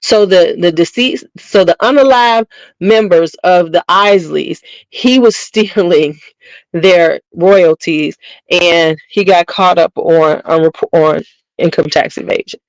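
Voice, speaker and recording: Speaking slowly in a fairly low voice, a middle-aged beauty channel host gossips with her viewers in a blunt, slangy, casual way. There's no room sound, and the recording quality is rough.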